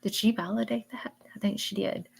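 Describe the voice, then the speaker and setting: Woman, live-stream medium, gravelly fry, emotional, repeats herself, says y'all. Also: mid-range voice, fairly even intonation, fairly quick, darkish tone. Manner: emotional, repeats phrases, addresses viewers as y'all. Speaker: psychic medium.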